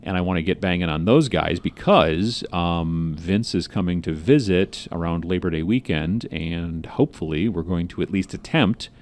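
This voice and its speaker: Male podcast co-host, deep register, loose rambling chat with fillers. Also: moderate pace, few pauses. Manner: rambling, lots of fillers and restarts. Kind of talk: casual chat. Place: office.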